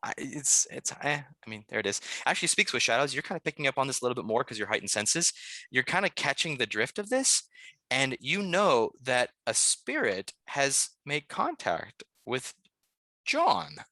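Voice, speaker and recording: A man's voice: medium pitch, sing-song, moderate pace, pushed and bright, dry recording, clean studio sound. A man running a tabletop game as game master, talking in a loose, rambling way with many fillers.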